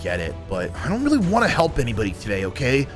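A man's voice: medium pitch, wildly swooping pitch, fast talker, soft background music. A man voicing a sulky, defiant teenage superhero boy who complains and whines. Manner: whiny, complaining, petulant.

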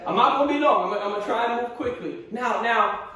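A man with a very high voice preaches in an impassioned style, repeating words and calling out to the congregation. He is heard from a distance in a strongly echoing church sanctuary. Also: fairly quick, bright, forceful tone. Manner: impassioned preaching with repetitions and call-and-response. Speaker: pastor. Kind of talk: sermon. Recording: echoey church from far off.

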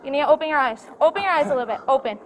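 A woman police officer calmly repeating instructions and reassurance to a man in custody. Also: high voice, racing, slight background noise. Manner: calm, repetitive coaxing commands. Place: outdoors on a city street. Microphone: police body camera. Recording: bodycam audio with loud crowd.

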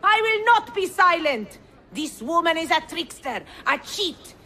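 An actress playing an indignant young Romani woman who shouts accusations. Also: very high voice, sing-song, measured pace, heavily acted. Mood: furious.

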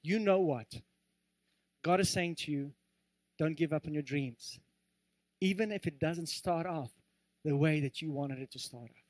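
A man preaches from the pulpit with earnest, animated energy, slipping into joking asides. His voice sits high for a man. The sound is close and dry. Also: moderate pace, long pauses, no echo. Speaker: pastor. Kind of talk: sermon. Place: church.

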